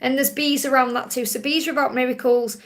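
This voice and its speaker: A woman with a Stoke-on-Trent accent, hosting a live question-and-answer stream, reading cards in a gentle, reassuring way and repeating key phrases. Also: sits high, fairly even intonation, quick pace. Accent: Stoke-on-Trent English. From England. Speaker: card reader answering viewer questions.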